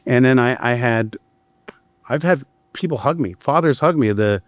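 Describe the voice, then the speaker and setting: A man's voice: mid-range voice, animated, normal speed, no room sound. A middle-aged man, a criminal defense attorney, telling blunt, profane stories in a candid podcast conversation. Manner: blunt and profane, storytelling with frequent restarts.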